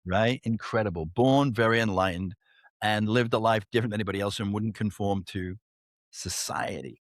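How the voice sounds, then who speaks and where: A man's voice: fairly low pitch, moderate pace, dry recording, clean studio sound. A man hosting a podcast, telling stories in a casual, rambling way, laughing often and tagging "right?" onto his sentences. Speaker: podcast host. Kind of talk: casual storytelling chat.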